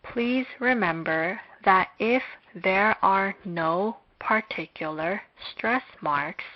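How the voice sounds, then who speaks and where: A woman giving a slow, scripted lecture on Hebrew, speaking in a measured, deliberate way with long pauses. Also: mid-range voice. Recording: dull lo-fi recording.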